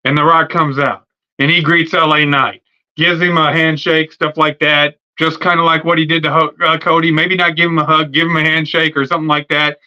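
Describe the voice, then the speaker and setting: A man's voice: a little high, level tone, a little fast, pushed and bright, dull audio. A man hosting a wrestling podcast, rambling through a profane, filler-heavy fantasy-booking rant in casual talk. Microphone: streaming setup mic.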